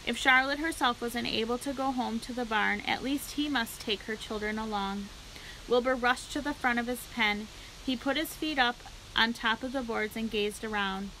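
A woman narrating a children's book aloud for a library read-aloud, in a clear, steady storytelling way. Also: on the high side, normal speed, a little hiss or hum, low-quality recording.

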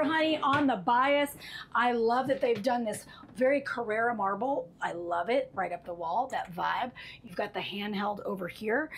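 A woman hosting an RV walkthrough inside a travel trailer, chatty and sassy, calling viewers honey and y'all. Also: fairly high pitch. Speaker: RV tour host. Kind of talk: enthusiastic walkthrough review.

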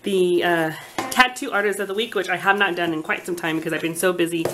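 A woman's voice: fairly low pitch, fast, noisy background. A woman vlogger chatting casually at her kitchen table at home, gushing and flustered as she talks. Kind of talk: casual unboxing chat.

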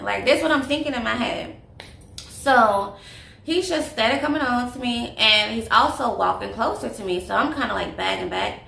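A woman's voice: medium pitch, vocal fry, bright, forceful tone. A young woman chatting through a casual story-time vlog, confiding and full of fillers, recorded in an echoey room with faint noise. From Louisiana, US. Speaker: vlogger.

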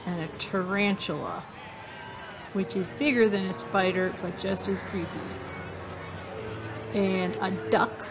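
A woman playing a hidden object game, talking to herself slowly as she searches for items. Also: medium pitch. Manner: slow, musing, talks to herself while searching. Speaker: gamer. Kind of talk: casual let's-play commentary. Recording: faint music behind voice.

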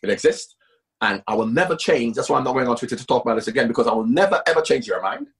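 A man speaking as a guest in a conversational interview, emphatic and animated, often repeating himself for stress. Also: medium pitch, racing, husky. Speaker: guest, former footballer and coach.

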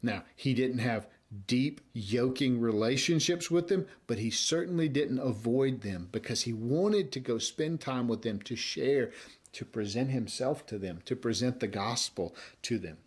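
An American man preaching a sermon as pastor, earnest, rising to loud emphasis and dropping to soft, quiet lines. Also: medium pitch, animated, a little slow, slightly rough.

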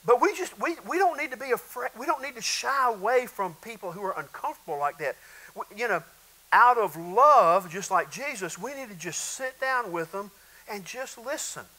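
A man's voice: very high-pitched, lively intonation, normal speed, sharp tone, poor audio. A middle-aged man preaching a sermon, folksy and storytelling, acting out little bits of dialogue. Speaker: pastor.

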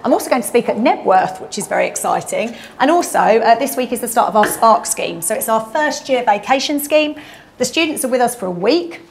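A woman's voice: on the high side, lively intonation, fairly quick, a little hiss or hum. A middle-aged woman with a South London accent, a graduate recruitment head answering interview questions in a chatty, upbeat way. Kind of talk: casual walk-and-talk interview.

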